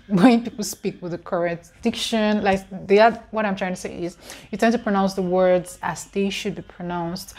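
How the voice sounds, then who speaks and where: A young woman with a Nigerian accent chats casually to her viewers. She talks in an emphatic, conversational way and laughs between points. Her voice sits in a middle pitch. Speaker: vlogger. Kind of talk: casual talk to camera.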